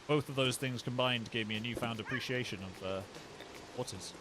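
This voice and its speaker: A man's voice: mid-range voice, a little fast, background noise. A young man live-streaming a game, chatting casually and joking with his chat. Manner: playful, joking asides to chat. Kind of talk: casual live gameplay commentary. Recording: loud music under the voice. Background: loud game music.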